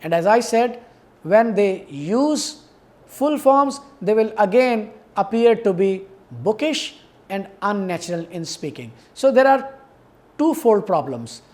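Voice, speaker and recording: A man giving an academic lecture on pronunciation, speaking in a measured, explanatory way and repeating key words. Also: high-pitched, lively intonation, a little mellow. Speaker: university English lecturer.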